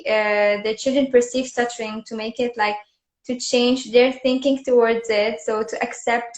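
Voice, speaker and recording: A woman podcast host asking questions hesitantly, with many fillers. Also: fairly high pitch. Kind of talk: casual interview questions. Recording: roomy echoey room.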